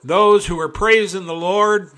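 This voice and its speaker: A male preacher delivering a sermon, reading scripture aloud and breaking into folksy asides, climbing to loud, impassioned peaks. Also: high voice, fairly even intonation, a little slow.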